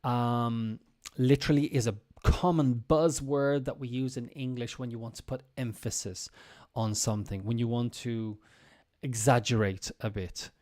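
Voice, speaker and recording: A man teaching English in a relaxed live-streamed chat, his voice warm and mellow at a middle pitch. He talks through each point step by step, often pausing on ums and restarting his sentences. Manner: explanatory, with frequent ums and restarts. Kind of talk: casual live-streamed lesson.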